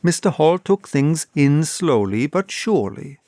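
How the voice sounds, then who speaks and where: A man reading a classic novel aloud, unabridged, with slow, expressive storytelling. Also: fairly high pitch, no echo, studio quality. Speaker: audiobook reader.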